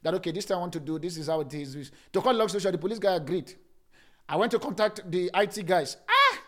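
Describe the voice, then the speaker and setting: High-voiced pastor preaching with emphatic swings. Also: male voice, sing-song, quick pace. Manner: swings from loud emphatic preaching to soft laughing asides; repeats phrases for emphasis. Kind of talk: sermon.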